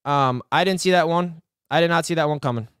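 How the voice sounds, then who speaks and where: Young male streamer, high voice, dry close sound, hyped and rambling to his chat. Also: brisk, a bit bright, clear, resonant tone, no echo. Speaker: live stream host. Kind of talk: excited live-stream sports reaction.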